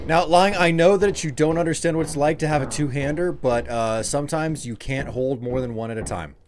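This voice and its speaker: A man's voice: on the high side, brisk, background noise. Crude-joking male streamer. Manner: crude joking, rallying the team. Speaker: streamer host. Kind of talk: casual gaming chat.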